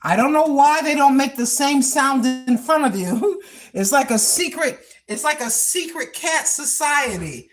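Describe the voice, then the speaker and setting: Her voice is high, with lively intonation and an unhurried pace. She's an older cooking and lifestyle vlogger chatting through a casual, rambling monologue, often repeating herself and laughing at her own asides.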